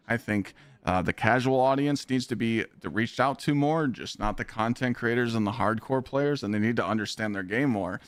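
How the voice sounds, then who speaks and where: A male streamer ranting live in a blunt, heated way, swearing freely as he talks to his chat. His voice sits at an ordinary middle pitch. The sound is dry and close to the mic. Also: moderate pace, few pauses, dry recording.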